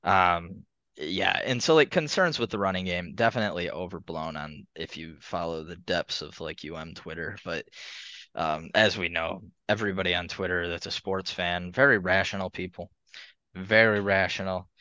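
Deep-voiced man in a rambling sports chat. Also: normal speed, pushed and bright, no echo. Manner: rambling, laughs between points. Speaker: podcast co-host. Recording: slightly muffled lo-fi audio.

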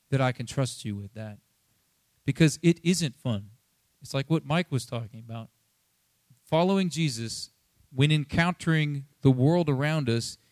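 Conversational man preaching with animated retellings. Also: a little high, no echo. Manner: conversational, animated, acts out quoted dialogue. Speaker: pastor. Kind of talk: sermon.

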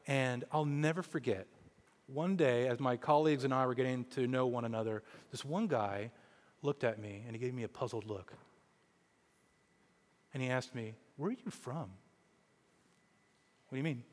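A man from Kansas in his forties, a pastor preaching a sermon in an animated way, often repeating words as he starts a thought. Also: medium pitch, normal speed, long pauses, long reverb tail. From Kansas, USA.

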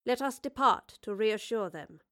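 A woman's voice: fairly high pitch, lively intonation, a little slow, a bit bright. A woman voicing a gracious, commanding older queen who speaks in a formal, regal way.

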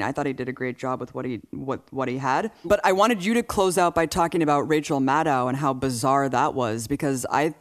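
A man co-hosting a podcast, chatting casually about politics, incredulous and animated as he retells events. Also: mid-range voice. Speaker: podcast co-host.

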